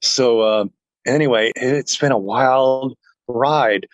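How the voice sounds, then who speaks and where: A man telling a personal story to an interviewer in a casual chat, earnest and animated, acting out what others said. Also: medium pitch, takes it slowly, no room sound, muffled recording. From family heritage is Norwegian. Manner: earnest, animated retelling that acts out other people's lines. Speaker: interview guest.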